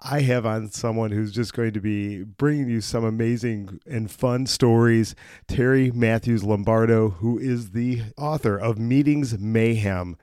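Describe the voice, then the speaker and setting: A man's voice: on the low side, measured pace, dark tone, clear, resonant tone, dry recording, studio quality. Upbeat enthusiastic man hosting a podcast. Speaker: podcast host. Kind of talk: energetic podcast interview.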